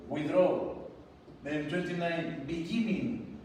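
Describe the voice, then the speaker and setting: A male English teacher, encouraging a class of children and spelling words slowly letter by letter. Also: on the high side, darkish tone. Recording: echoey, distant mic with long reverb and faint room noise.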